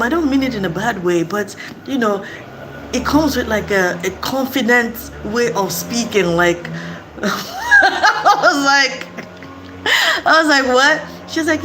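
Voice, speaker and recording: A woman from Africa, a mother, telling stories casually and acting out voices with frequent laughter. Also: medium pitch. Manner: animated, acts out voices, laughs often. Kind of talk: casual storytelling vlog.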